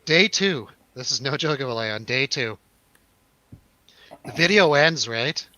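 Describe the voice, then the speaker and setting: A man's voice: medium pitch, animated, unhurried, bright, forceful tone, low-quality recording. A young man on a podcast, telling a story in casual chat, acting out quotes and swearing freely. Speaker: podcast co-host.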